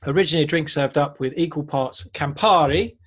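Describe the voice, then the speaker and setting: A man's voice: fairly high pitch, fairly quick, a bit bright, breathy edge. A man co-hosting a casual online talk show about cocktails, chatty and jokey as he explains a drink's history. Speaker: podcast co-host.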